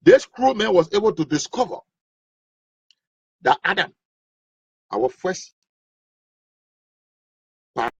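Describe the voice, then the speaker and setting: Comedy guy telling a story, lively high voice, dry dull lo-fi sound. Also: takes it slowly, gravelly, pauses often, slightly rough, dry recording. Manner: animated, acts out voices. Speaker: stand-up comedian. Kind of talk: comic storytelling.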